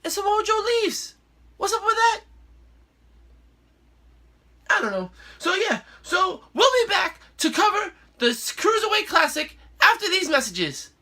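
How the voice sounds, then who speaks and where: A male host giving a casual, excitable and playful wrestling recap. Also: extremely high pitch, unhurried, long pauses. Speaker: show host.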